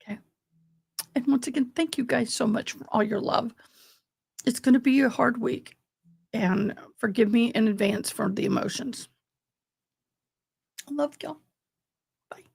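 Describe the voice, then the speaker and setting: A woman's voice: fairly high pitch, fairly even intonation, moderate pace, vocal fry, long pauses, breathy edge, dry recording. Woman, middle-aged, livestream host, blunt casual commentary, dry close sound. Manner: blunt, chatty, talks straight to her viewers. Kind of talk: casual live commentary on a court stream.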